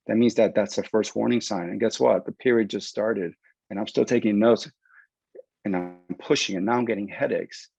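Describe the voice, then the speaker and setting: A man working as a concussion rehab clinician, giving an animated explanatory webinar talk over a video call. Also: lowish voice, creaky, breathy edge, no echo. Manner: animated, explanatory, acts out patient quotes. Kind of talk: webinar presentation. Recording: dull lo-fi dry webinar audio.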